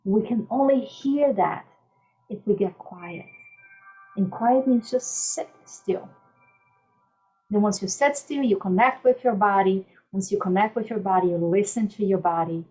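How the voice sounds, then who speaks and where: A woman life coach speaking gently and soothingly in a podcast interview, softly repeating calming mantras. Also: medium pitch, unhurried, soft background music, low-quality recording.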